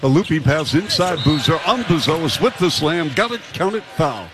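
Fast, punchy play-by-play man. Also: on the high side, animated. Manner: rapid, punchy calls that rise to shouts on big plays. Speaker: play-by-play announcer. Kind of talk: live basketball commentary.

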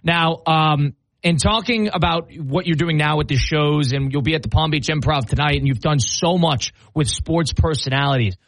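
A man's voice: fairly high pitch, moderate pace, fairly bright tone, no echo, rough recording. A man interviewing a comedian, asking curious, prompting questions.

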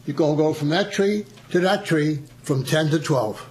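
Old guy doing a bossy army sergeant, bit higher and louder. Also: moderate pace, natural voice. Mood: ordering. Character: gruff male army sergeant giving orders.

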